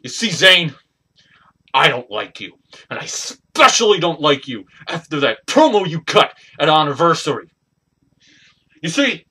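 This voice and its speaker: A man cutting an angry, ranting wrestling promo as a hobby performer, swinging between loud bursts and quiet mutters. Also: fairly high pitch, sing-song, a little slow, slightly rough.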